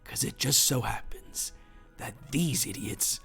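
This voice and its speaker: A man's voice: mid-range voice, a little slow, a bit bright, soft background music. A man voicing a smug male orc chieftain who makes dry, mocking asides. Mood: wry.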